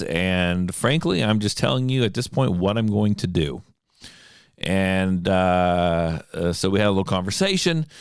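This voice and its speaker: A man's voice: lowish voice, dry recording, clean studio sound. An American man hosting a podcast, telling a story in a casual, exasperated way and acting out what others said. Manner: animated, exasperated ranting with quoted dialogue. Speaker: podcast host, firearms instructor. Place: small studio room.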